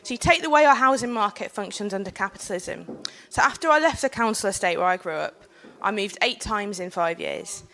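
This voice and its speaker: Young woman giving a fiery speech. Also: a little high. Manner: earnest, forceful, with filler ums. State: has a cold. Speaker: panel speaker. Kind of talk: impassioned public speech.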